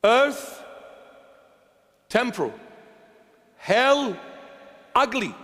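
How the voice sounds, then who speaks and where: Man, bishop, sermon, impassioned, repetitive, high-pitched, long reverb of a church hall. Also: sing-song, extremely slow. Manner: impassioned, repetitive, swings from loud to hushed. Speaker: bishop preaching.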